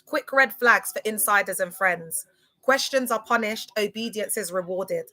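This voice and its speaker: A woman hosting a casual live stream, talking fast and slangy and often checking whether listeners follow her. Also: medium pitch. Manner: animated, slangy, asks "do you get what I'm saying". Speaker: livestream host.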